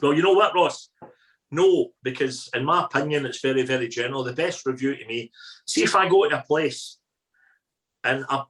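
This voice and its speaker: A middle-aged Scottish man, a podcast guest telling colloquial, lively stories as a food critic. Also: mid-range voice, normal speed, low-quality recording. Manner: colloquial, animated raconteur. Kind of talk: anecdotal storytelling.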